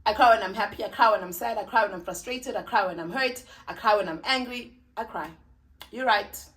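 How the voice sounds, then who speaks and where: A woman's voice: medium pitch, brisk. Young woman, South African accent, casual vlog chat, emotional, laughs a lot. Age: young adult. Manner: emotional, expressive, laughs often. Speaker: vlogger.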